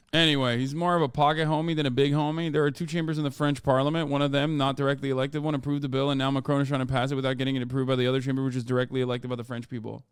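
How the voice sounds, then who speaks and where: A man's voice: mid-range voice, rapid-fire, clean tone, dry recording, studio quality. Sarcastic, profane male streamer. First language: Turkish. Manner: sarcastic, profane, animated riffing. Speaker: streamer and political commentator. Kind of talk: casual livestream reaction commentary.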